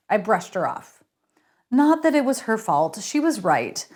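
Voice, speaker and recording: A woman, an author, reading her novel aloud in an expressive, lively way. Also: medium pitch, a little slow.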